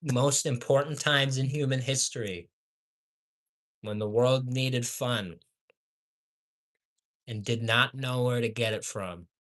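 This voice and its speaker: A man ranting with heavy swearing as a fast food commentator, swinging between heated shouts and low mutters.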